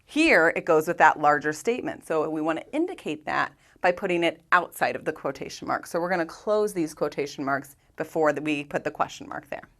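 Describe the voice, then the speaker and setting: A woman with a slightly low voice teaches a grammar lesson. Her pitch moves a lot as she patiently walks through examples step by step and poses rhetorical questions to her students. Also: expressive, brisk, few pauses. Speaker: English teacher.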